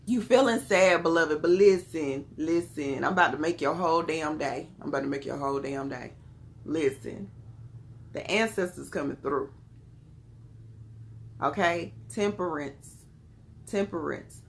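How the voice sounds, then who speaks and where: Gravelly Southern woman reading tarot live. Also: deep voice, a little slow, pauses often, slight background noise. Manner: chatty, calls viewers y'all and beloved. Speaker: tarot card reader. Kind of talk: casual live-stream chat with viewers.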